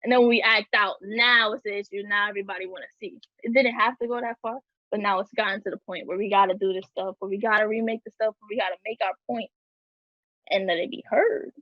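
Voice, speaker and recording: A woman's voice: mid-range voice, fairly even intonation, fast, no echo, lo-fi sound. A young woman hosting a heated casual discussion, talking emphatically with many fillers and restarts. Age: young adult. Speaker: host.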